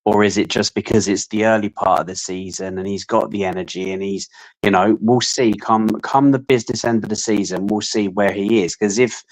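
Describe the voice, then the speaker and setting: A man co-hosting a casual fan stream, talking at length in measured, opinionated stretches. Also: on the low side, fairly even intonation, low-quality recording. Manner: long opinionated monologues, measured. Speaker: podcast co-host.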